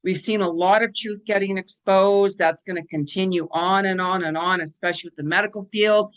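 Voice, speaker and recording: A woman's voice: medium pitch, steady tone, brisk. Chatty woman giving a spiritual forecast. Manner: chatty, rambling, emphatic repetition. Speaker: spiritual guidance channel host. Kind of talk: casual spiritual forecast monologue.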